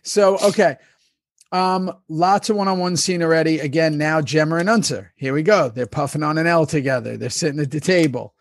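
New guy on a podcast, kinda high voice, dry sound, talks fast and easy. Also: dry recording. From Staten Island. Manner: quick, chatty storyteller. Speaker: podcast co-host. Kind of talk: casual rewatch chat.

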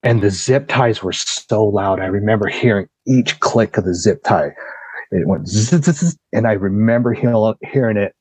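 A man's voice: fairly low pitch, normal speed, darkish tone, slightly rough, no echo, poor audio. A man on a podcast telling a story in a casual way, swearing freely and acting out what others said. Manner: vivid retelling, swears freely, acts out the voices of others.

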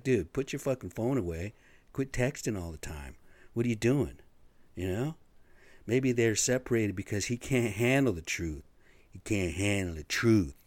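A man's voice: lowish voice, darkish tone, no echo. A middle-aged man talking in a blunt, profane, rambling monologue, getting worked up as he goes. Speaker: vlogger.

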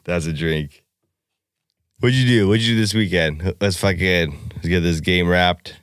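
Brash low-voiced podcast co-host, man. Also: measured pace, a bit bright, smooth, no echo, studio quality. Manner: brash, joking, crude. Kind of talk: crude casual banter during a drinking game.

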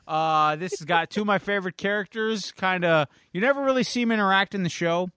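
A man co-hosting a podcast in a casual chat, rambling through a laid-back story. His voice is bright with a forceful edge, and the recording is close and dry. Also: high voice, fairly quick, hardly any pauses, clear, resonant tone, no room sound. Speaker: podcast co-host.

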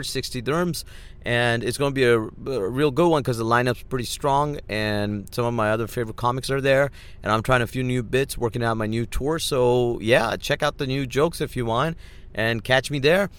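A man's voice: medium pitch, normal speed, fairly bright tone, smooth. A man, a comedian and podcast host, telling a story in a rambling, self-deprecating monologue and laughing as he talks. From Middle East.

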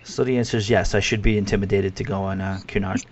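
A man's voice: lowish voice, fairly even intonation, fast. Chatty New York man, lo-fi sound. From New York City, USA. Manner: chatty, self-deprecating, many restarts. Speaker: podcast host. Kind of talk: casual interview chat.

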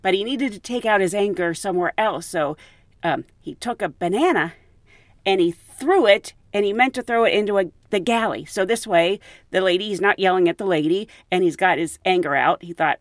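A woman hosts a podcast and tells her stories with a lively, swooping voice. She laughs as she goes. The sound is close and dry, with no room around her. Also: mid-range voice, moderate pace, dry recording. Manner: animated, laughs often while telling stories. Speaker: podcast host. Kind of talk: casual storytelling.

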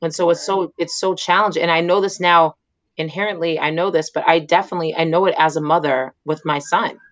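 Guest woman, low-pitched, dry close sound, earnest and reflective storyteller. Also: fairly even intonation, fairly quick, no echo. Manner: reflective, earnest, frequent "like" fillers. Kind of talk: personal storytelling in conversation.

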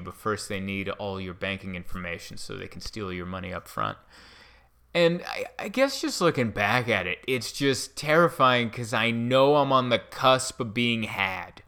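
Man, mid-thirties, casual storytelling, self-mocking, animated. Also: lowish voice, clear, resonant tone. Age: 30s.

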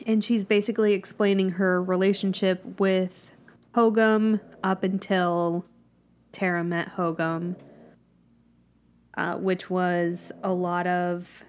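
A woman playing a tabletop role-playing game, slowly and thoughtfully describing what her character does. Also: on the low side, little pitch movement, a little mellow. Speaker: player.

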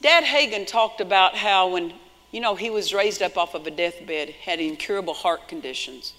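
A man preaching a sermon with emphatic delivery, rising to shouts at his peaks and telling stories in quoted voices. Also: sits high, normal speed. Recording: long hall reverb.

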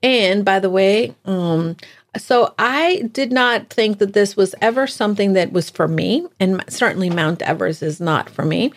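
A woman co-hosting a casual chat, telling stories in a lively way, laughing often and acting out what she said. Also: mid-range voice, normal speed. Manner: animated, laughs often, acts out her own lines. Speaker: podcast co-host.

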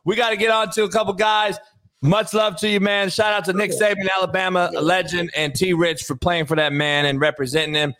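A man hosting a sports talk show, loud and slangy in casual banter. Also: high-pitched, steady tone, brisk.

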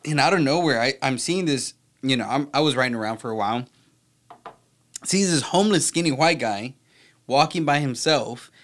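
A man's voice: mid-range voice, lively intonation, normal speed, fairly bright tone. A man from Texas co-hosting a casual talk show, rambling and emphatic, with plenty of swearing. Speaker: co-host. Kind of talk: casual podcast chat.

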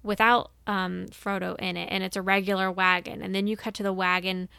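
A woman's voice: mid-range voice, little pitch movement, a little fast, gravelly, pushed and bright, clean tone, dry recording. A woman co-hosting a podcast, chatting in a rambling, enthusiastic way. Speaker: podcast co-host. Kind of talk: casual chat.

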